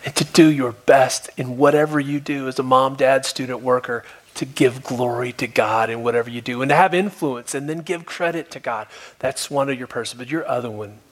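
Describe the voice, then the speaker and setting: A male pastor preaching a sermon, telling a story and dropping at times to a soft, hushed voice for emphasis. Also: mid-range voice, steady tone, a little fast, hardly any pauses. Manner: storytelling, shifts between soft hushed tones and raised emphasis. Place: church.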